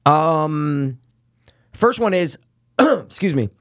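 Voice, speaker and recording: A man's voice: a little high, lively intonation, very slow, fairly bright tone, no room sound, clean studio sound. A man co-hosting a podcast in casual chat, loose, rambling and profane. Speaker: podcast co-host.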